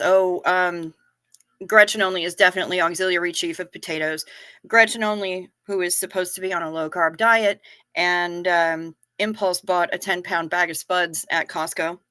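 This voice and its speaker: A woman's voice: fairly low pitch, sharp tone, no room sound. A woman hosting a live stream, chatting casually, telling jokes and reading out viewer messages. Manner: chatty, joking, reads chat aloud.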